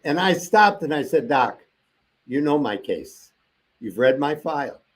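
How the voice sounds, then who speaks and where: An older man with a slightly high voice tells a story as an interview guest. He talks casually and animatedly, and he acts out the dialogue he quotes. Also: big pitch swings, measured pace.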